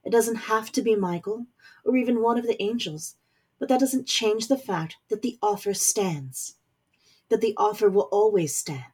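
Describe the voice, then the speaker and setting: A woman voicing a stern, powerful middle-aged mother who is a warlock general, speaking forcefully with scorn. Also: medium pitch, normal speed, breathy edge, lightly acted. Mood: stern scornful. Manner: forceful, scornful, rising to anger.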